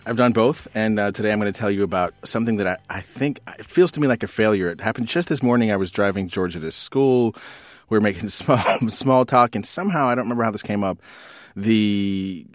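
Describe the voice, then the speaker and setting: Low-voiced man telling a story, dry studio sound. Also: brisk, no room sound. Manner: animated storytelling, swears freely, laughs often. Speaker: podcast co-host, writer. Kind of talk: casual podcast chat.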